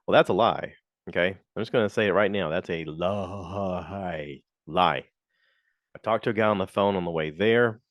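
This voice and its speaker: Low-voiced man telling a story. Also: fairly quick, no echo, dull audio. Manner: animated, slips into quoted voices; frank, complaining. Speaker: podcast host. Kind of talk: casual storytelling monologue.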